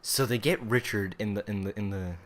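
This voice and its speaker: A late-teen vlogger with a fairly low voice tells a story briskly, rambling casually and leaning heavily on fillers like "like."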